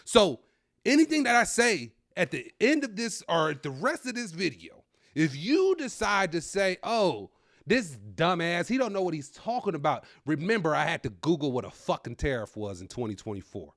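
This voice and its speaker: A man in his thirties, a comedian hosting his own show, ranting loudly to camera at home into his own microphone. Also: on the high side, dry recording, clean studio sound. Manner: animated, loud and ranting. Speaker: comedian host.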